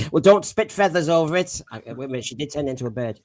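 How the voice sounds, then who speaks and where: A man's voice: fairly high pitch, a little mellow. A man hosting a podcast panel, jokey and teasing, laughing often. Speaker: podcast host. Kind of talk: comic panel show chat.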